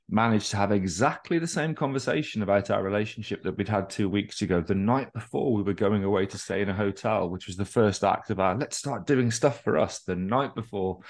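A man's voice: on the low side, a little mellow. A man co-hosting a podcast, telling long candid stories with swearing, restarts and self-deprecating asides. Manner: candid, rambling, profane storytelling with restarts. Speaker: podcast co-host. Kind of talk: casual podcast chat.

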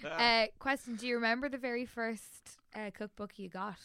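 A woman hosting a casual podcast chat, asking questions and throwing in quick teasing jokes. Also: fairly high pitch, pushed and bright, clean tone, dry recording, clean studio sound.

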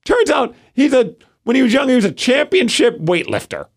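A man in his thirties co-hosts a laid-back podcast, his very high, gravelly voice moving fairly quickly. He tells stories with lots of energy, makes fun of himself, and acts out what was going through his head.

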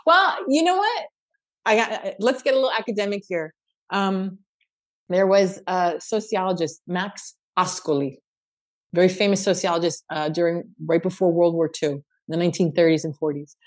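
A woman from the United States, a guest singer, telling stories in lively, casual podcast talk. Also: fairly low pitch, moderate pace. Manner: lively storyteller, laughs easily.

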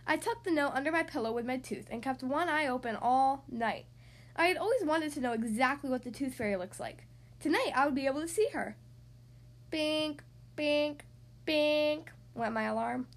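A woman hosting a children's podcast, reading a picture book aloud in an expressive, animated way. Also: high voice, moderate pace. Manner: animated and expressive, acting out the characters. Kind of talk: storybook read-aloud.

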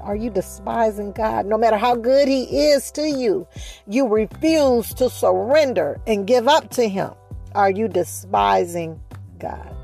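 A woman preaching a sermon, speeding up and slowing down, stressing and repeating her phrases. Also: on the high side, vocal fry, dark tone, faint music behind. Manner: preaching with shifting pace, rising emphasis and repeated phrases.

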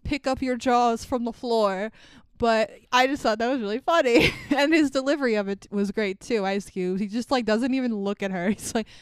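A woman's voice: a little high, moderate pace, clean tone, no echo, studio quality. A young woman co-hosting a podcast, recapping a movie in casual chat, laughing, swearing and acting out lines. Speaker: podcast co-host.

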